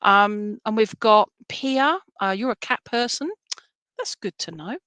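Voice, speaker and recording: A woman's voice: mid-range voice, expressive, a little slow, no echo. A woman who works as a medium, giving live readings in a loose, rambling way with lots of fillers and pet names for viewers. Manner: rambling, warm terms of address, many fillers. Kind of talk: live-stream reading, casual chat.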